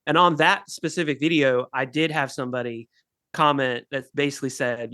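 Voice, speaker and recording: A man co-hosting a casual gaming podcast, talking in an animated and emphatic way. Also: mid-range voice, fairly quick, dry recording. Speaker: podcast co-host.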